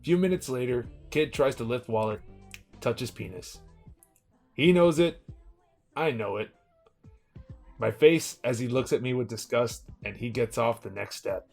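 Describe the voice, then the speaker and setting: A man reading short comic stories aloud in a deadpan way, then chatting with a co-host. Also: medium pitch, unhurried, creaky, long pauses, soft background music. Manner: deadpan reading, laughs at the punchlines. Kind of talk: comedic story reading with banter.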